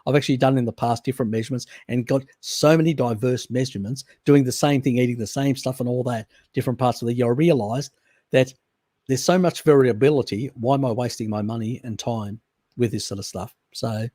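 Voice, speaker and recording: An Australian man hosts a live stream, reading and answering viewer questions in loose chat with restarts and chuckles. His medium-pitched voice is steady, warm, and a little fast, recorded with studio quality and no echo.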